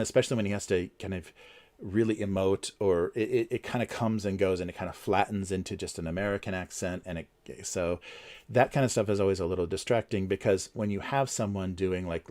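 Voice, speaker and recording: A man's voice: deep voice, a little mellow. A man hosting a casual livestream, talking in a rambling way with many fillers and restarts. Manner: chuckles between points. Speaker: livestream host.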